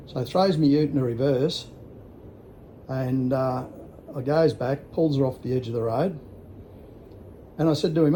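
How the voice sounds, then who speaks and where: Sixties Australian bloke vlogging, blunt and foul-mouthed, raised pitch with a soft warm tone. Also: male voice, measured pace, long pauses, a little hiss or hum. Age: 60s. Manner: rambling, blunt, heavy swearing. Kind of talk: casual storytelling.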